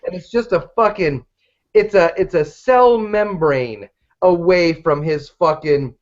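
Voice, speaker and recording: A man's voice: high-pitched, measured pace. A man co-hosting a podcast, joking and ranting crudely in casual chat. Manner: crude, joking, emphatic rants. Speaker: podcast co-host. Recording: dull lo-fi podcast audio.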